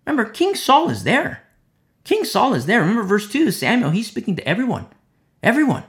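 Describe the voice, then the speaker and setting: Man, preacher, Bible sermon, fervent, repeats phrases, loud peaks and hushed asides, slightly high pitch. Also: wildly swooping pitch, brisk. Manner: repeats key phrases for emphasis.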